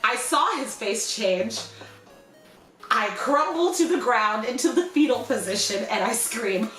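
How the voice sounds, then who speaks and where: A young woman vlogger telling a story casually and animatedly, acting out quotes in high squeals. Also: animated, a little slow, a bit bright, soft background music. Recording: echoey room.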